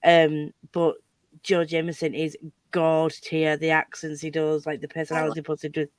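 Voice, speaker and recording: A man's voice: fairly high pitch, monotone, moderate pace, no room sound. A man in a casual chat with friends, talking enthusiastically about a narrator.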